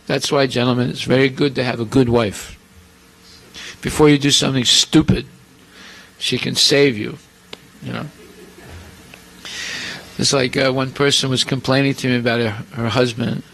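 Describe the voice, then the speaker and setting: A male preacher telling scripture stories in an animated sermon, acting out the characters with asides to the audience. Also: medium pitch, normal speed, creaky, pauses often, low-quality recording. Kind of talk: storytelling sermon.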